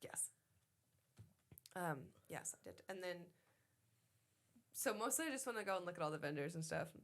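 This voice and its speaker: A woman's voice: lowish voice, expressive, moderate pace. A woman co-hosting a podcast in casual chat, rambling and swearing freely. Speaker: podcast co-host.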